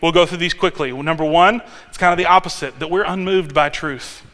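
A male pastor preaching a sermon in a conversational, animated way, with restarts and sudden loud peaks. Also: fairly high pitch, brisk. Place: church sanctuary. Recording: long hall reverb.

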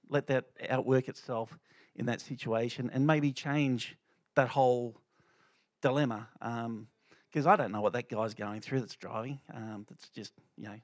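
A middle-aged man shares a testimony at church. His delivery is loose and conversational, full of fillers and restarts, pitched in an ordinary male range. The recording is dry, with no room echo. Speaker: lay speaker sharing a testimony.

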